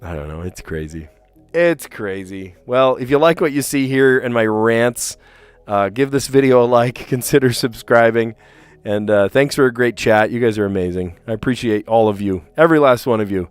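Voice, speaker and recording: A man who teaches school, chatting casually on a live stream, his voice sore and hoarse, ranting with lots of fillers and restarts. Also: mid-range voice, normal speed, dry recording, faint music behind.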